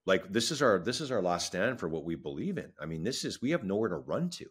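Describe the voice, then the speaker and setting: A man's voice: low-pitched, sing-song, fast talker, husky. A man from Manitoba, a wildlife federation science advisor, speaking earnestly and with feeling in an interview, repeating himself for emphasis. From Manitoba, Canada. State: emotional. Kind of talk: passionate interview talk.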